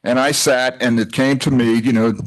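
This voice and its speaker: An older man's steady, medium-pitched voice moves at a moderate pace as he gives a casual retreat talk in a retreat house hall. It's chatty, jokey and rambling, full of self-interruptions and detours from his point.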